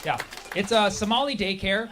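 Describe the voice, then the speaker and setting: A man doing stand-up with a noticeably high voice. He talks with dry sarcasm and keeps slipping into short acted-out voices. He is on a comedy stage in front of a laughing crowd. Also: moderate pace, very noisy.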